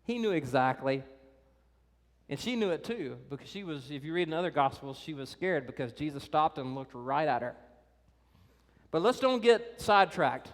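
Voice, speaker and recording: A pastor preaching a sermon in a conversational, animated way, talking directly to the kids and teenagers in the congregation. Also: male voice, on the high side, moderate pace. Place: church. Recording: reverberant church hall.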